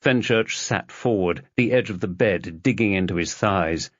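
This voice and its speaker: A man narrating an audiobook in a measured storytelling manner, in a dull lo-fi recording. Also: low-pitched, dry recording. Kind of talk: scripted narration.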